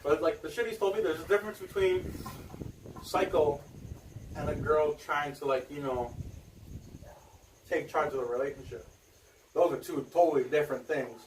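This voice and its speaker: Male co-host, self-mocking banter; slightly high voice, picked up from afar. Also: moderate pace, long pauses. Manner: joking, profane. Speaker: podcast co-host. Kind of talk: casual podcast chat. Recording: distant mic with faint noise.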